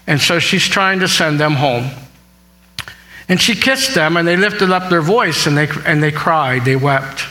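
A man with a bright, forceful, slightly high voice is preaching from scripture. He reads the verses and then retells them in plain words, turning to ask his listeners questions. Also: animated, unhurried, poor audio. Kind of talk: sermon, Bible teaching.

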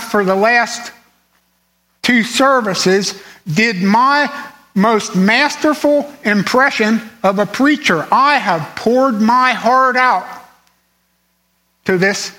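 Male preacher, slow deliberate sermon delivery, bright tone, emphatic repetition. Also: extremely high pitch, poor audio. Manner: earnest, emphatic, repeats phrases for stress.

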